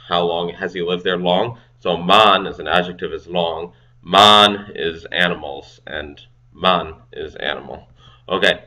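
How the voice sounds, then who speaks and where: A man hosting a casual language-learning video, sounding out foreign phrases slowly and then explaining them in quick, offhand asides. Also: low voice, bright, forceful tone. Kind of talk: casual self-study language lesson.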